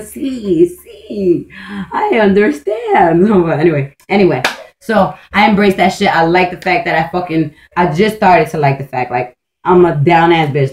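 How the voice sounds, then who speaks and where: The recording is rough, and the woman's voice is deep with a darkish tone. Vlogging in a casual, wandering monologue, she swears often, leans on "like," restarts her sentences, and stays blunt, streetwise, intense and emphatic throughout.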